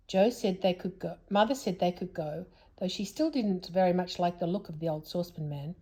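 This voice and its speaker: A woman reading a children's story aloud in an expressive, lively way. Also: lowish voice, fairly quick, few pauses.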